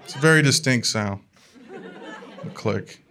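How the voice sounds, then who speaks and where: A man telling a comic family story in an animated way, laughing along as he talks. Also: mid-range voice, unhurried, a crowd in the background. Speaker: comedian. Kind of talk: comedic storytelling.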